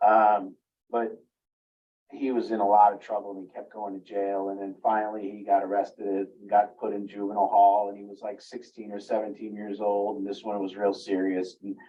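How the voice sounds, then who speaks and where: The delivery is completely flat and moderately paced as this male family recovery coach earnestly teaches parents about relationships. At times he acts out parents' inner voices in a raised pitch. The sound is dull and he's far from the mic.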